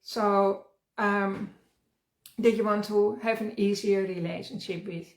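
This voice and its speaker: Middle-aged female wellness coach, mid-pitched voice, earnest and encouraging, roomy echoey recording. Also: fairly even intonation, takes it slowly. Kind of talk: conversational self-help workshop talk. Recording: roomy echo.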